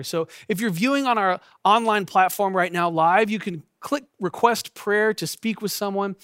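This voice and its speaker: Soft-spoken man preaching a gentle sermon. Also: sits high, dry recording, studio quality. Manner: gentle, intimate storytelling that drops to a soft hush. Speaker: pastor.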